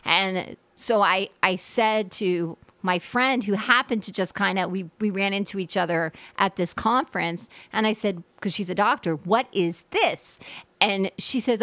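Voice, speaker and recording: A woman's voice: mid-range voice, a little slow, a bit bright, no room sound. A woman hosting a talk show interview, chatty and rambling, laughing as she shares her own stories. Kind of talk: casual interview chat.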